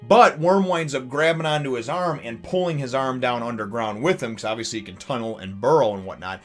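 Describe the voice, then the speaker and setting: A man hosting a casual episode review, rambling and animated, full of fillers, chuckles and acted-out bits. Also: medium pitch, brisk, soft background music. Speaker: anime reviewer and channel host.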